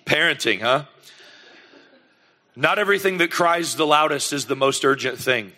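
Animated pastor, bright voice. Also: male voice, a little high, normal speed. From United States. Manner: animated, lively storyteller who acts out scenes. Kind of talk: sermon storytelling.

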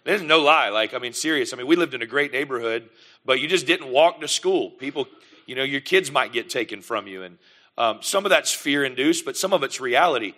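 A middle-aged man, a pastor telling lively family stories in a sermon and acting out the scenes. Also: medium pitch, a little fast. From United States. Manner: animated, lively storyteller who acts out scenes. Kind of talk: sermon storytelling.

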